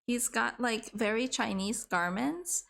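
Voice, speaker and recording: A woman's voice: a little high, takes it slowly, gravelly, fairly bright tone. A woman livestreamer chatting casually while she draws, rambling and swearing now and then into a desk microphone. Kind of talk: casual chat while drawing on stream.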